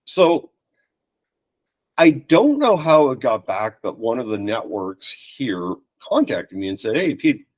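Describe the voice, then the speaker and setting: A man's voice: medium pitch, takes it slowly, poor audio. A man, a podcast guest telling stories in casual chat and acting out other people's lines. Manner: animated anecdotes with quoted voices.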